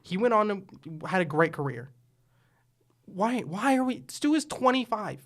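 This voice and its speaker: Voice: medium pitch, big pitch swings, a bit bright. A podcast co-host in casual sports chat who gets heated and rants, swearing now and then. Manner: heated, ranting, quick to swear. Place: podcast recording.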